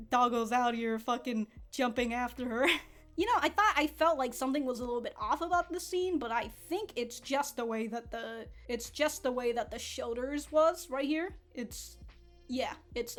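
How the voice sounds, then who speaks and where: Woman, high voice, excitable anime reaction commentary, casual swearing, laughs a lot, faint music behind. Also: moderate pace.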